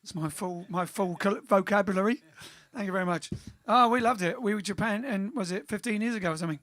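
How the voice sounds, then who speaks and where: Male host, high voice, playful jokey chat, dry close sound. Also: fast talker, fairly bright tone, no echo. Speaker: bandleader hosting a live stream. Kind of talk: casual live-stream chat.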